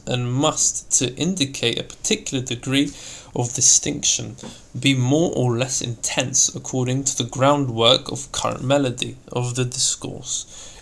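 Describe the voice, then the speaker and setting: A man reading aloud from an old elocution textbook, slowly and deliberately, voicing each example word to show its character. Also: mid-range voice, creaky, a bit bright. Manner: slow deliberate reading, acting out example words. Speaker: reader of an old elocution text.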